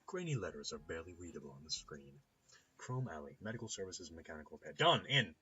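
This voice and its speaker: A man's voice: rumbling low, very animated, fast, slightly rough, lo-fi sound. A man hosting a let's play, reading the game's narration aloud. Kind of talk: reading game text aloud.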